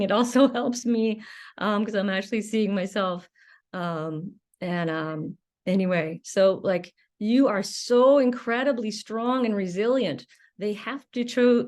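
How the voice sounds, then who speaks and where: A woman hosting her own channel, talking gently to camera with many pauses and fillers, offering warm reassurance. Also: mid-range voice. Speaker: channel host. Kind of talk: casual talk-to-camera advice.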